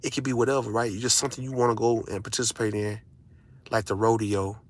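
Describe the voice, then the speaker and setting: A man speaking at an ordinary pitch, delivering a blunt, profane rant straight to his audience. He lectures like a father, circling back to the same phrases to hammer each point home. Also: level tone, fast talker. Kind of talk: casual ranting monologue.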